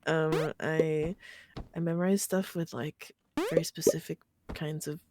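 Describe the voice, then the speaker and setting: A woman's voice: low voice, fairly even intonation, a little slow, warm tone, a little hiss or hum. A woman chatting as a guest on a game stream, giggly and trailing off into restarts. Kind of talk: casual chat on a game stream.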